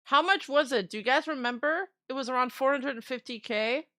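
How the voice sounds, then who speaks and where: Bright-voiced giggly woman streamer. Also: sits high, a little fast, no room sound, clean studio sound. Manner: giggly, chatty. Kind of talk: casual reaction commentary.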